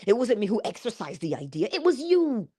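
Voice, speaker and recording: A woman delivers a morning pep talk in a high voice that swoops up and down. She talks like a preacher, tossing out calls to her listeners and laughing often. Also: very animated, a little fast, dark tone, slightly rough. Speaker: motivational speaker.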